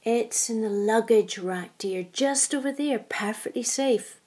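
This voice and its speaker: A woman voicing a patient elderly husband in a storybook reading, measured and gentle. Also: on the high side.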